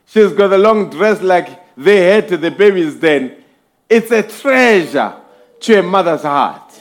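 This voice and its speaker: Slow, high-pitched male preacher. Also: animated. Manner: slow, emphatic preaching with rising and falling swells; addresses the congregation directly. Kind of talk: sermon.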